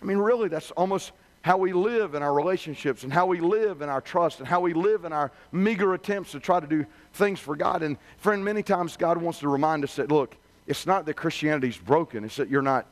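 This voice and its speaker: A male preacher with a fairly high voice delivering a revival sermon. He talks in a loose, humorous, conversational way and often repeats himself as he builds up his stories. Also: a little fast, hardly any pauses. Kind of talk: sermon with folksy storytelling.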